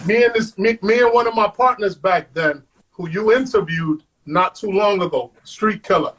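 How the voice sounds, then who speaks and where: A man, a guest on an interview show, telling stories in an animated way, acting out quotes and saying "man" all the time. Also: high-pitched, moderate pace, low-quality recording. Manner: animated, acts out quotes, says "man" constantly. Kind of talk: storytelling.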